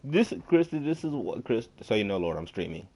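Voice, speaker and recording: A man with a husky, mid-range voice talks at a moderate pace as he streams a game. The casual chat rambles along, spiked with swearing and animated rants.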